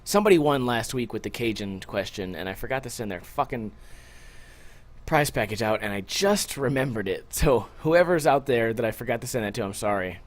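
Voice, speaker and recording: This solo podcast host has an expressive, medium-pitched voice and a brisk delivery. He's running low on sleep and rambles casually, joking with plenty of swearing.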